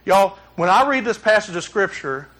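A man preaches through a personal story. His voice sits high and sounds bright and ringing. He tells the story with animation and acts out the shouting and dialogue. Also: lively intonation, normal speed. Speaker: pastor. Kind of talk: sermon with personal stories.

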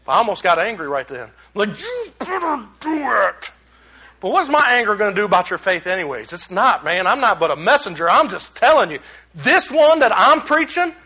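A pastor with a very high-pitched voice preaches a sermon, calling the congregation y'all and swinging between loud exclamations and hushed asides.

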